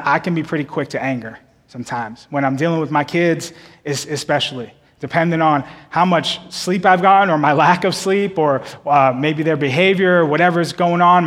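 A man in his thirties delivering a sermon in a church, his voice set a little high. He talks in a loose conversational way and doubles back on words. The sound rings with a long reverb off the hall walls. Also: fairly bright tone. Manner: conversational, repeats words and phrases. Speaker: preacher.

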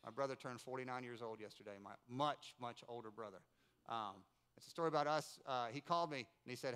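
Smooth-voiced man preaching a sermon. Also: medium pitch, brisk. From North Carolina. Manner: storytelling, animated, playful asides. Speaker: pastor. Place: church service in a rented building.

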